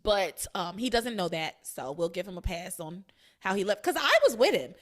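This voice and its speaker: A woman hosting a podcast, casually recapping a story and acting out characters' lines in a lively way. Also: mid-range voice, moderate pace. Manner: animated, acts out characters' lines in quoted voices. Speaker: podcast host.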